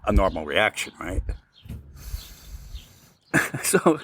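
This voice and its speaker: A man's voice: low-pitched, slow, slight background noise. A man co-hosting a podcast, telling a long, rambling story casually and acting out the quoted lines. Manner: rambling, animated retelling with quoted dialogue. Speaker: podcast co-host.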